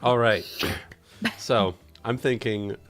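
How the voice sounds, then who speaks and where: A man's voice: lowish voice, steady tone, takes it slowly, over loud music. A man hosting a live story stream, chatting casually with friends in a boisterous, jokey way. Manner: boisterous, jokey, repeats lines for laughs. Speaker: stream host and narrator.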